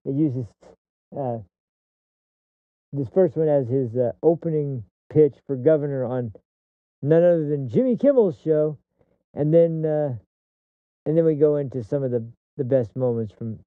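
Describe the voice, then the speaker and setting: A man's voice: fairly high pitch, measured pace, pauses often, clear, resonant tone, no room sound. A man hosting a show, talking off the cuff in a rambling monologue full of restarts and fillers, swearing when he gets heated. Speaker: podcast host. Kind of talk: casual commentary monologue. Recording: dry, tinny phone-like sound.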